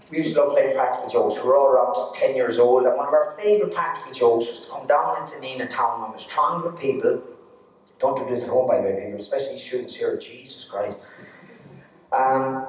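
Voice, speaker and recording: A man's voice: mid-range voice, brisk. Irish man telling stories on stage. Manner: animated, laughing at his own jokes. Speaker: stand-up comedian. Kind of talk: live stand-up storytelling. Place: arts centre stage. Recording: echoey hall, distant mic.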